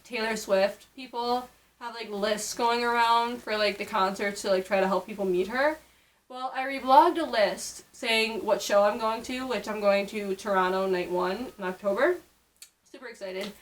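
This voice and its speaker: A woman's voice: fairly high pitch, moderate pace, rough recording. Chatty young woman from upstate New York. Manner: chatty, many fillers. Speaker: vlogger. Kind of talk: casual chat.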